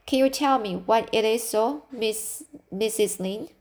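A woman's voice: a little high, measured pace, a little mellow, slight background noise, natural voice. A woman reading the part of an eager, talkative orphan girl in an audiobook, earnest and confiding.

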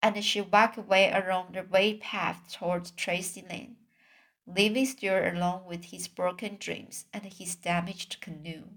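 A woman's voice: on the low side, fairly even intonation, unhurried, a bit bright. A woman reading a children's storybook aloud and then commenting on it, hesitant and full of fillers when she speaks freely. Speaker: reader.

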